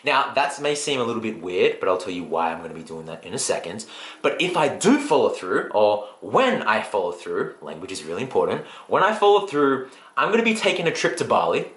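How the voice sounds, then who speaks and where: A man's voice: medium pitch, very animated, brisk, a bit bright, roomy sound. A man talking earnestly to camera in a motivational vlog, telling a story straight to his viewers. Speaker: personal development vlogger.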